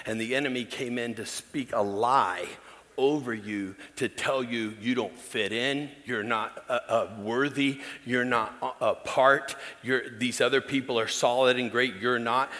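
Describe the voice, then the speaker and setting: A middle-aged male pastor telling a personal story in a sermon, emphatic with hushed asides. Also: mid-range voice. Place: large church. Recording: long reverb in a large church hall.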